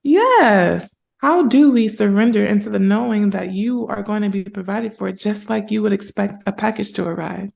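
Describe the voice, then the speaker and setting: A woman speaking as a spiritual mentor and podcast guest, in casual conversation, earnest and animated as she retells moments. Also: medium pitch, brisk, gravelly, hardly any pauses.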